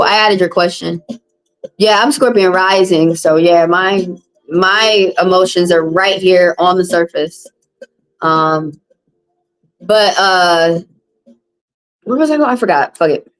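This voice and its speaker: A woman's voice: on the low side, takes it slowly, pauses often, low-quality recording. A woman, a tarot reader live-streaming and chatting with viewers in a blunt, casual, profane way. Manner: blunt, casual, profane, talks straight to chat.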